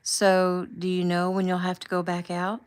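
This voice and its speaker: A woman's voice: normal speed, smooth, natural voice. Woman doing an eager, emotional young wife. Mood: cheerful. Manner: excited, higher and louder.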